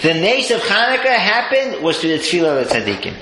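A man giving a sermon-style Torah talk, telling stories lively swings between high exclaims and low murmurs. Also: fast talker. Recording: echoey room with faint noise.

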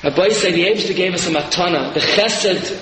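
A man preaching a sermon, telling stories with animation and rising to shouted emphasis. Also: high-pitched, brisk, background noise. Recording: echoey hall.

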